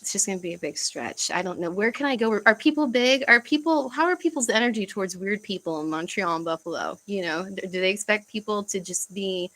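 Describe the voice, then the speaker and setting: Young woman, casual home livestream host, halting delivery with fillers and sighs. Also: mid-range voice, expressive, a bit bright, rough recording. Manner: halting, searching for words, frequent fillers and sighs. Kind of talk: casual livestream chat reading comments.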